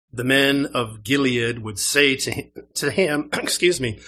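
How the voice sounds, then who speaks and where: Canadian pastor with a bright voice. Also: male voice, fairly high pitch, lively intonation, measured pace. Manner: conversational preaching, asks the congregation questions. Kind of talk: sermon. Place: church.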